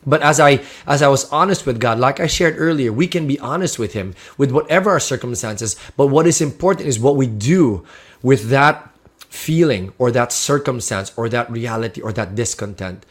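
A man's voice: mid-range voice, expressive, moderate pace. A man preaching a sermon, sharing a personal testimony in an earnest, heartfelt way with frequent restarts.

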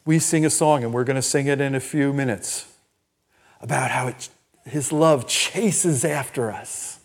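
An older man preaching a sermon as pastor, telling personal stories in an animated, emphatic way. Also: mid-range voice, measured pace, vocal fry. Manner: storytelling, animated and emphatic, laughs at own stories. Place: church.

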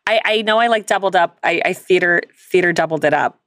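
A woman co-hosting a podcast in loose, profane chat, her voice sitting fairly low. She laughs often and calls her co-host "girl." The recording is dry and close. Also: brisk, a bit bright, dry recording. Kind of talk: casual chat.

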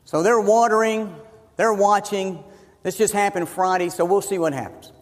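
High-voiced man preaching in reverberant hall. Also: moderate pace. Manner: emphatic, repeats phrases for emphasis. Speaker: pastor. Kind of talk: sermon.

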